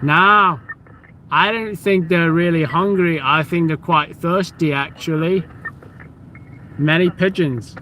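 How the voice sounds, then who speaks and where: A man's voice: a little high, pushed and bright, a little hiss or hum. A man putting on a mock Australian accent to narrate street pigeons like a nature show. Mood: mock documentary. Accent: put-on Australian. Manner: jokey, drawn-out slangy narration. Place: outdoors on a city street at night.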